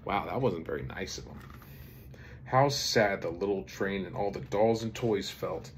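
A father reading a picture book aloud to his child, gentle and expressive. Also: deep voice, a little slow, a little hiss or hum. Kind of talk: reading a bedtime story aloud.

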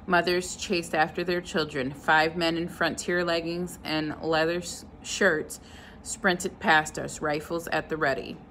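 A woman reading a novel chapter aloud at an unhurried pace, now and then stopping to comment on the story. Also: deep voice, little pitch movement, a bit bright, a little hiss or hum, poor audio. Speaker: reader.

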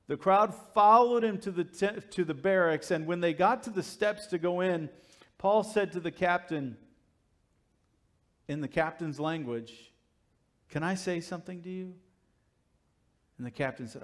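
A man preaching a sermon with a fairly high voice. He tells the story vividly and gives the characters quick lines. His delivery shifts from loud, emphatic passages to quiet, low asides. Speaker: pastor.

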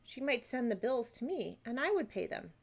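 Polite, earnest storybook girl, gentle delivery, read by a woman. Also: on the high side, sing-song, moderate pace, vocal fry, heavily acted.

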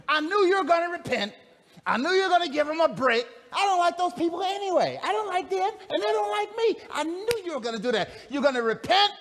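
A man voicing a petulant, self-pitying grown man who complains loudly to God. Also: very high-pitched, a little hiss or hum, pitched above the performer's own voice, full character voice. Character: whining, sulking grown man prophet Jonah. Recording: long reverb of a large hall.

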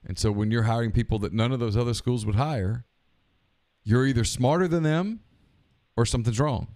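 A man co-hosting a late-night sports call-in show, talking casually and telling a long joke at a deliberate pace. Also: mid-range voice, darkish tone, no echo, studio quality. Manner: deliberate, drawn-out storyteller. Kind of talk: casual chat.

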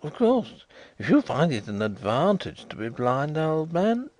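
A man's voice: fairly high pitch, big pitch swings, unhurried, a little mellow, voice pushed up. A man voicing an earnest, slightly flustered middle-aged ex-solicitor turned detective in an audiobook reading.

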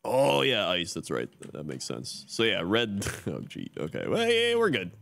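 A man's voice: fairly low pitch, wildly swooping pitch, unhurried, creaky, fairly bright tone. A male streamer giving laid-back, wry live commentary on his own game play.

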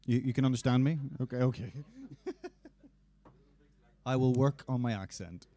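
A man's voice: mid-range voice, moderate pace, mellow. A man with a Belfast accent chatting playfully to a crowd between songs at a live music venue, speaking into a stage mic. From Northern Ireland. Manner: playful, self-mocking. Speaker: band singer. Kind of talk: onstage banter between songs. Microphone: stage vocal mic.

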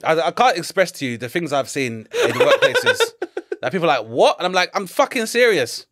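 A comedian guest in his forties from London, England, speaks with a London accent in a fairly high, fairly quick male voice. Telling stories in a casual interview, he's animated, laughs a lot, and swears freely.

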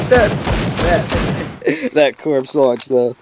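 Slow, laid-back male gamer. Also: a little high, very animated, background noise. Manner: laid-back, sardonic, swears casually. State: sick. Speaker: gaming commentator. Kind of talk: casual commentary over gameplay footage. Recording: game gunfire behind voice.

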